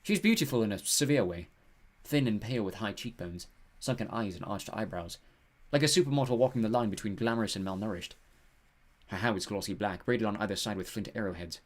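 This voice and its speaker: A man's voice: fairly low pitch, a little fast. Man narrating an audiobook. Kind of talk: scripted narration.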